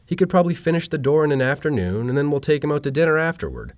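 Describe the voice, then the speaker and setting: A man's voice: a little high, sing-song, rapid-fire, pitched above the performer's own voice. A man voicing his practical wife with a matter-of-fact, reassuring manner.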